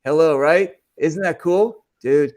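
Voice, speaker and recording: Excitable American man hosting a stream. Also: a little high, slow pace. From United States. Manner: excitable, chatty, reads out viewer comments. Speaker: show host. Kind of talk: casual live-stream chat.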